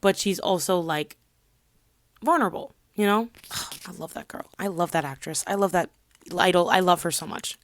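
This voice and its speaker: A young woman at home ranting casually to her camera, chatty and animated, often dropping to a whisper for side comments. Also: fairly low pitch, normal speed. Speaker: vlogger.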